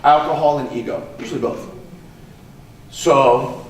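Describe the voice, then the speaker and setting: A man's voice: mid-range voice, a little slow, a little hiss or hum. A man, a martial arts instructor, giving a conversational conference talk with a live demonstration, often checking in with "right?" and repeating himself. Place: conference hall. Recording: echoey hall, voice picked up from a distance.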